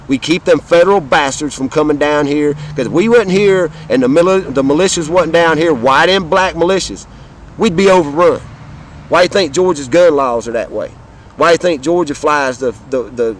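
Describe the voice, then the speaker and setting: A man's voice: on the high side, a little hiss or hum, low-quality recording. A man with a Southern American accent, delivering a fiery, profane rant straight to his viewers and repeating his points for emphasis. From Southern United States. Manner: fiery, profane, repetitive, addresses viewers directly. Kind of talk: impassioned political rant to camera.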